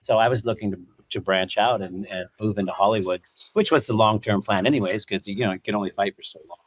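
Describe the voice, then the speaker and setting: A man in his fifties, a guest in a casual interview, telling stories in an animated way, acting out quotes and laughing often. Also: on the low side, fast talker. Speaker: guest, former fighter and commentator.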